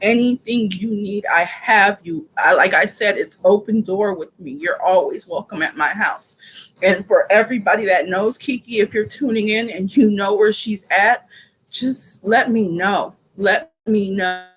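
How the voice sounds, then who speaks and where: A woman's voice: medium pitch, unhurried, a bit bright, slightly rough, low-quality recording. A woman speaking as a friend of a missing woman, giving an earnest, pleading appeal over a video call. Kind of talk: emotional personal appeal.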